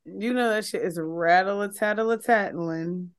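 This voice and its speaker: A woman co-hosting a casual podcast, emphatic and quick to laugh, swearing freely as she talks. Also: mid-range voice. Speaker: podcast co-host.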